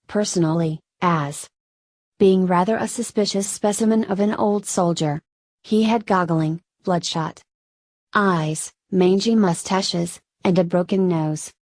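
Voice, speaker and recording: A woman narrating a classic story in a steady, measured audiobook reading. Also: lowish voice, dry recording.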